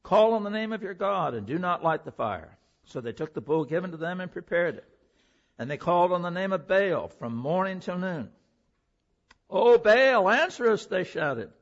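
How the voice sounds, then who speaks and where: Guy preaching a sermon, kinda high voice that jumps all over, muffled lo-fi recording. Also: normal speed. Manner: animated preaching, reads scripture aloud. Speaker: pastor.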